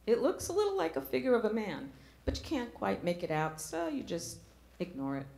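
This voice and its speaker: A middle-aged woman delivers a sermon in a church. She speaks earnestly, often asking her listeners questions. Her voice sits at a typical pitch and carries the echo of the room. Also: huge pitch swings, brisk, gravelly, darkish tone. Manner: earnest, rhetorical questions to the congregation. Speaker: preacher.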